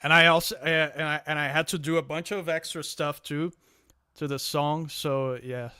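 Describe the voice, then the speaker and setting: A man's voice: fairly high pitch, steady tone, moderate pace, bright, forceful tone, smooth, dry recording. A man guesting on a live stream, speaking hesitantly and restarting his sentences. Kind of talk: casual live-stream chat.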